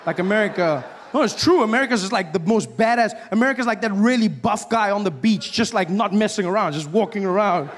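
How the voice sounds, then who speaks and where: A man performing a stand-up comedy set in a live venue, playful and acting out characters with sudden shouted outbursts. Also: high voice, fast, hardly any pauses. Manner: playful, acts out characters with loud shouted bits.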